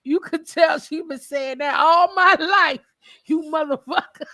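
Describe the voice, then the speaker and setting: A woman in a casual chat who tells lively stories, acts out what others said, and laughs often. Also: high voice, measured pace, a little hiss or hum. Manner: animated storytelling, acting out quotes, laughing.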